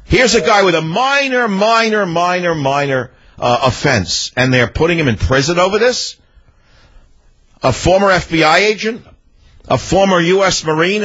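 A man's voice: mid-range voice, fairly bright tone, breathy edge. A man hosting a talk radio show, ranting in a combative, indignant way and hammering his points with repetition. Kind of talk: talk radio monologue and calls. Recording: dull lo-fi radio audio.

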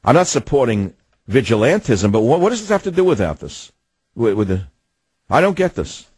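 A man's voice: medium pitch, very animated, moderate pace, darkish tone, husky, no echo. A man hosting a talk radio show, delivering an indignant, ranting monologue with sardonic asides.

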